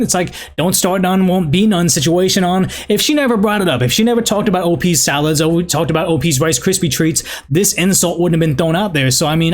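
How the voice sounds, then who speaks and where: A man with a Boston accent hosts a show where he reads online stories aloud, then gives rambling, opinionated commentary full of restarts. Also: high voice. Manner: rambling, many restarts and fillers. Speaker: host reading and judging online stories.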